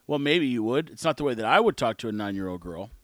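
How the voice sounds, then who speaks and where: A man's voice: medium pitch, expressive, fast talker, dry recording. A man hosting his own show, rambling through an opinionated casual monologue. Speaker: podcast host.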